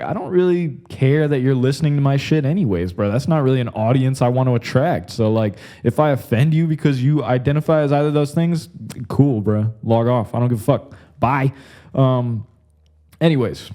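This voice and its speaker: Young man, podcast host, loose crude storytelling, mellow tone. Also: mid-range voice. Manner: rambling, crude, says "like" and "bro" constantly. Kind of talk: casual comedic monologue.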